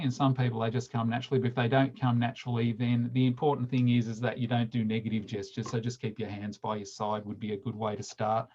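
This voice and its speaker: A man's voice: mid-range voice, a little mellow, lo-fi sound. A man giving public speaking tips at a committee meeting, often repeating words and restarting phrases. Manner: slows down sharply to demonstrate emphasis. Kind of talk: instructional talk at a meeting.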